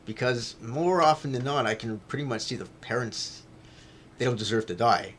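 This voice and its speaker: A man's voice: medium pitch, moderate pace, slight background noise. Rambling man talking straight to camera. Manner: rambling, repeats himself, swears, grows loud when retelling a fight. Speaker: vlogger. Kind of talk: casual rambling monologue.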